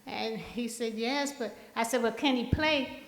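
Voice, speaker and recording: Older woman telling stories, slow. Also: on the high side. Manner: storytelling, slow and deliberate. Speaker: eulogy speaker. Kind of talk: memorial tribute speech. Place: large hall. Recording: echoey hall, voice from far off.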